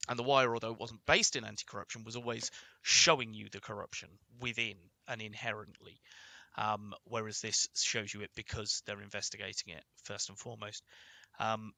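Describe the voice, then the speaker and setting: A southern English man co-hosting a podcast, chatty and jokey. His voice is gravelly and strikingly bright. He is recorded dry and close to the mic. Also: fairly low pitch, fairly even intonation, brisk, dry recording. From southern England. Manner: chatty, jokey, talks over his co-host. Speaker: podcast co-host. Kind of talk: casual podcast chat.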